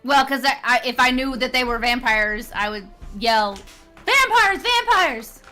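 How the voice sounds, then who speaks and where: A woman with a bright, fairly high voice, playing at a tabletop game. She reacts to everything with quick exclamations and plenty of energy, with faint music behind her. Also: fairly even intonation. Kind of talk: casual game-table chat.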